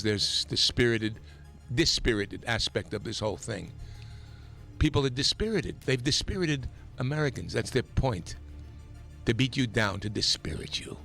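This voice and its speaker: A man's voice: fairly low pitch, gravelly. Impassioned male talk radio host. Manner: impassioned, emphatic, rising to near-shouting. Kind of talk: political commentary monologue. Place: radio studio.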